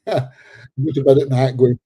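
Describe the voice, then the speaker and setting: A man's voice: mid-range voice, level tone, unhurried, warm tone, slightly rough, no echo. A man of seventy, chatting casually on a live stream, joking and laughing as he reads out viewer comments, a little congested. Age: 70s. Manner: chatty and joking, laughs often, drops into slang. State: a bit congested.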